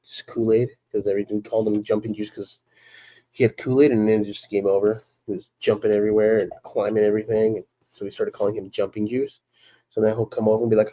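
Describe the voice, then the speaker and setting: A relaxed man chats on his live stream, greeting viewers by name and laughing easily. His voice sits a little low and sounds warm and mellow. The stream audio is muffled and lo-fi. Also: fast talker. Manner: laid-back, chatty, greets viewers by name, laughs often. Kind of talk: casual live stream chat.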